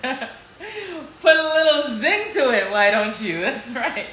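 A woman's voice: high voice, lively intonation, takes it slowly, fairly bright tone, echoey room, a little hiss or hum. A woman chatting casually with viewers on a live stream from her home kitchen, playful and laughing often, talking into her phone. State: sore neck.

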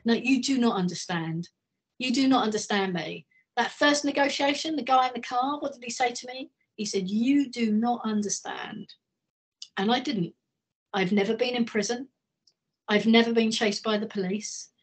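Middle-aged woman, training session on a call, chatty storytelling, kinda breathy. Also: medium pitch. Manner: conversational, anecdotal, speeds up and slows down. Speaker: communication trainer. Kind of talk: training talk on a video call. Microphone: video call.

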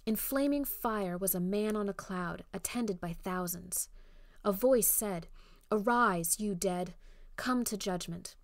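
A woman's voice: medium pitch, takes it slowly, no room sound, studio quality. Woman reading as a trembling, frightened man. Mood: fearful.

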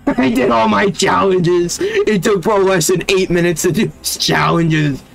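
A man's voice: high voice, animated, measured pace, creaky. A young man casually commentating his gameplay, hyped and constantly saying "bro.". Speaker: gaming streamer.

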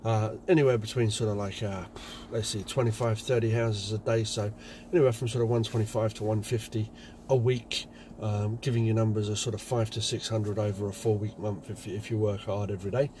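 A man's voice: lowish voice, flat delivery, a little fast, dark tone, slight background noise. A man, a window cleaning business owner, telling anecdotes in a chatty casual vlog. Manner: chatty, anecdotal, many fillers.

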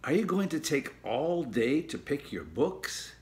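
A man's voice: on the high side, sing-song, a little slow, darkish tone, voice pushed up. A man voicing an impatient young girl bear cub in a children's storybook, with a raised, impatient voice. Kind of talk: storybook character voice.

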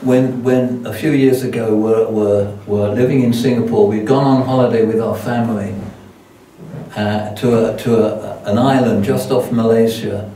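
A man's voice: on the low side, fairly even intonation, normal speed, dark tone, slight background noise. An older man preaching as a guest, telling a self-deprecating story with many restarts. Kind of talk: sermon with anecdotes. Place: church hall. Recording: echoey church hall from far off.

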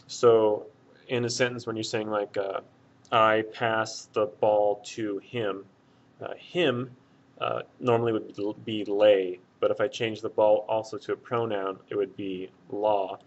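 Low-voiced man teaching a casual lesson. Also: normal speed. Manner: relaxed, with many filler words. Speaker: Spanish teacher. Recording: dull lo-fi sound.

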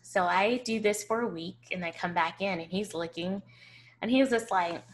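A woman hosting a personal storytelling vlog, animated and acting out the dialogue as she tells it. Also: lowish voice, moderate pace, slight background noise. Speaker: host.

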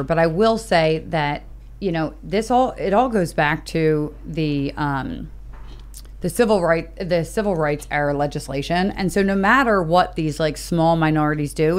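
A woman on a political talk show speaks in a lower voice. She talks casually, padding her points with frequent fillers.

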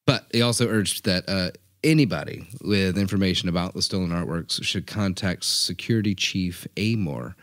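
Man, young adult, low voice, animated casual storyteller, swears a lot, dry close sound. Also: moderate pace, few pauses, dry recording. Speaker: podcast co-host. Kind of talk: casual chat.

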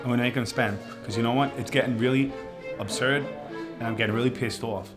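A man's voice: mid-range voice, fairly even intonation, fast talker, loud music behind the voice. A man buying at storage auctions, talking brashly and swearing freely in a reality show. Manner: brash, profane trash talk. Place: storage auction and flea market.

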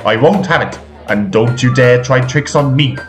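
A man's voice: medium pitch, moderate pace, music in the background, close to an everyday voice. A man doing a stern old steam engine. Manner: firm and scolding.

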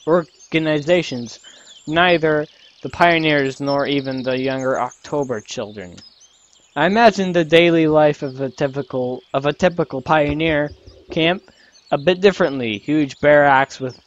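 A man's voice: a little high, muffled recording. A man casually reading a visual novel aloud, often tripping over words and correcting himself. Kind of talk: casual read-aloud of a game story.

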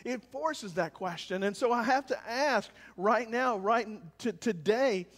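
A man pastor preaching a sermon, swinging between loud calls and quiet, low lines. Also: measured pace, long reverb tail. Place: church service, with cars passing by.

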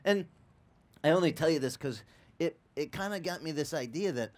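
A man preaching a sermon as pastor, telling lively stories with acted-out quotes and frequent stammered restarts. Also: on the high side, moderate pace. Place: church.

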